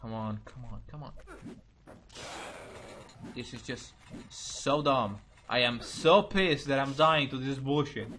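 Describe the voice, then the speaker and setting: A man's voice: mid-range voice, takes it slowly, long pauses, background noise. A young man commentating a let's play, frustrated, swearing, muttering and repeating himself at a hard boss. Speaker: gaming channel host.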